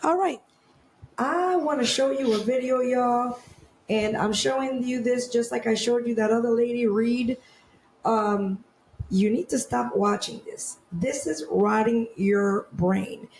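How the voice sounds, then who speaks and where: A woman co-hosting a podcast, chatting and laughing as she tells stories, doubling back on her own words. Her voice has a gravelly fry to it. The room is echoey, with faint ambience behind her. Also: fairly high pitch, unhurried, a little mellow, a little hiss or hum. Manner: chatty, laughing, repeats words while storytelling. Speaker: podcast co-host. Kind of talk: casual chat.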